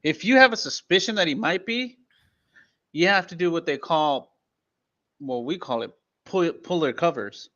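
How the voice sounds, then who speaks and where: Young male co-host, bright and forceful tone, slightly high, blunt profane interjections, lo-fi mic. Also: lively intonation, normal speed, long pauses. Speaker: podcast co-host. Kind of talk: casual chat. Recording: dull lo-fi mic.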